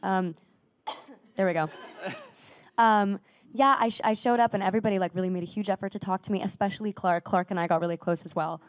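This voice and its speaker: A woman's voice: mid-range voice, steady tone, no echo. A young woman actress chatting in an interview, bubbly and full of "like" and restarts, still coughing from a recent illness. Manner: bubbly, heavy use of "like", quick restarts. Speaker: actress guest. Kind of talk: casual interview chat.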